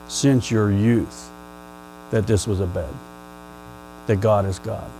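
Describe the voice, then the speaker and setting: A male pastor preaching a sermon in a church, conversational and playful with the congregation, rising to loud emphatic questions. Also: mid-range voice, a little hiss or hum, poor audio. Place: church sanctuary.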